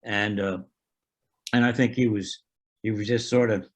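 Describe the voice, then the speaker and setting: A man in his eighties telling an oral history of his army years, a halting storyteller who restarts often and acts out remembered dialogue. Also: on the low side, fairly even intonation. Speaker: veteran interviewee.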